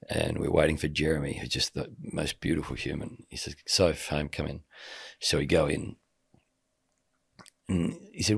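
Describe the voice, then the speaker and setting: In casual conversation, a middle-aged podcast guest who works as a sports commentator tells a personal story, bringing the quoted dialogue to life as he goes. He speaks at a moderate pace with a steady tone, his very deep voice creaky and husky.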